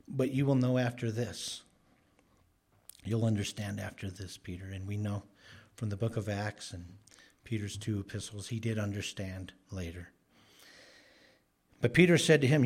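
A man's voice: on the low side, normal speed, long pauses, a little mellow. A man preaching an expository sermon, speaking emphatically and briefly acting out the characters he quotes.

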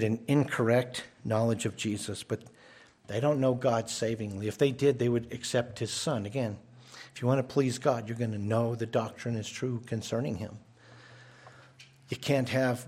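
Male pastor, mid-range voice, earnest sermon delivery with repeats and emphatic rises. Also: a little mellow. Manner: earnest, repeats words when restarting, rises in pitch for emphasis. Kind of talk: expository sermon.

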